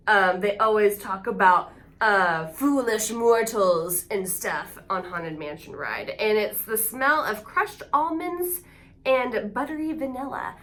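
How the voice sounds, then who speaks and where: A woman vlogging casually as she unboxes gifts, excitable and gushing. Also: medium pitch. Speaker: AuthorTube vlogger.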